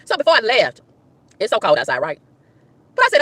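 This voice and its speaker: A woman ranting to her livestream chat, emphatic and exasperated, with loud whoops. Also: a little high, wildly swooping pitch, fairly quick, breathy edge, dry recording. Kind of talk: casual livestream rant.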